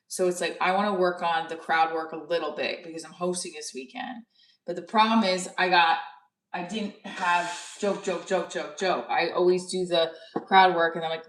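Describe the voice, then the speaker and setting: A woman's voice: fairly low pitch, normal speed, fairly bright tone, echoey room, distant mic, low-quality recording. A woman comedian chatting casually on a live stream, rambling and cutting herself off as she tells a story. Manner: chatty, rambling, self-interrupting. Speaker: stand-up comedian.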